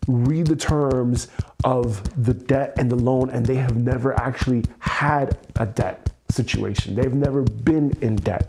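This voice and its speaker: A man's voice: medium pitch, background noise. A man hosting an EFT tapping session, venting with angry, profane, repetitive words and weary sighs.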